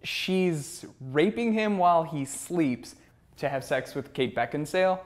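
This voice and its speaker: A man's voice: on the high side, lively intonation, measured pace. Sarcastic young man reviewing a film. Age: 20s. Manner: sarcastic, incredulous. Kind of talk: comedic film review monologue.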